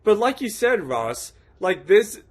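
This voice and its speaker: A man's voice: high-pitched, sing-song, takes it slowly. A man co-hosting a film podcast, talking in a joking, ironic way. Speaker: podcast co-host. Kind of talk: casual film chat.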